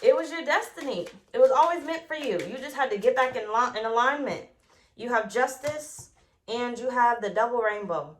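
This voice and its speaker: A woman's voice: a little high, expressive, normal speed. A woman giving a tarot reading, blunt and profane, who drives her points home by repeating them. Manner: acts out quoted voices. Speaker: tarot reader.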